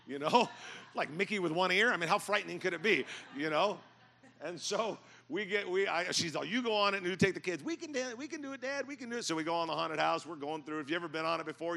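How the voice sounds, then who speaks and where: A middle-aged man preaching a sermon in a church, telling stories and building to loud, emphatic points. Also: on the high side, gravelly. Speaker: pastor. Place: church sanctuary.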